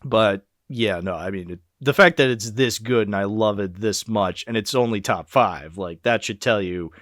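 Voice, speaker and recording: A man's voice: fairly low pitch, moderate pace, a bit bright, no room sound, clean studio sound. A young man hosting a casual film podcast, laughing often and making sarcastic asides. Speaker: podcast host. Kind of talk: casual chat.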